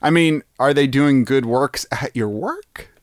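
A man co-hosting a podcast in a casual, playful chat, theatrical and quick to laugh. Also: medium pitch, dry recording, studio quality. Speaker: podcast co-host.

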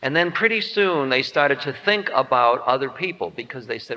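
Wry, lively man lecturing in a hall. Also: medium pitch, normal speed, few pauses. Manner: musing, wry, self-mocking. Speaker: spiritual teacher. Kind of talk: humorous spiritual lecture. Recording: dull lo-fi tape in reverberant hall.

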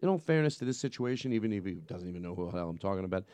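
Animated rambling male podcast host. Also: sits low, racing, smooth, no echo. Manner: animated, rambling, self-interrupting, laughs often. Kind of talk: casual comedy podcast chat.

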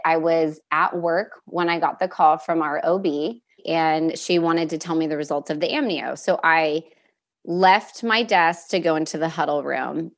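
A young woman telling a painful personal story as a guest, candid and earnest, with many fillers and restarts. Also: low voice. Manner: emotional at moments, with nervous laughs.

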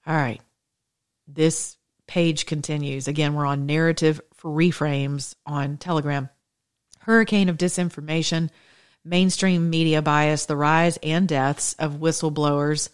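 A woman's voice: low voice, steady tone, a little slow, smooth. A woman hosting her own show, delivering a passionate, preachy monologue of religious political commentary. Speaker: show host.

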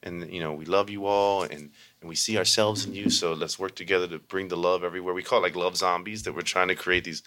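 A man from Baltimore, a yoga and mindfulness teacher, telling stories in a chatty, animated way full of "you know.". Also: deep voice, fast, hardly any pauses. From Baltimore, USA. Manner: animated, acts out quoted voices; frequent fillers like "you know". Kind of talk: conversational storytelling.

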